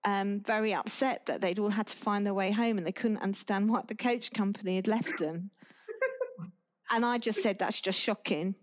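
A woman speaks as a podcast guest in a mid-range voice, telling a long story with many restarts and pauses. Her delivery is relaxed and conversational, and she laughs now and then as she talks. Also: mid-range voice. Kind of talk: casual interview chat.

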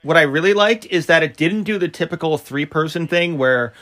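A man hosting a casual podcast chat, steering the discussion with knowledgeable, steady remarks. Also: a little high, a little fast. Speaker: podcast host.

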